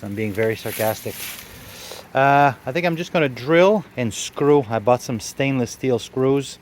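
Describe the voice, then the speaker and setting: A man talks his way through car work in a home garage, loose and rambling, full of "uh" and "I mean." He has a dry, sarcastic edge, and his voice sits at an ordinary middle pitch. Faint workshop noise hums behind him on a camera mic. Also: moderate pace. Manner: easygoing, rambling, many fillers, dry sarcasm. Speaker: classic car restorer. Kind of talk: casual workshop vlog narration.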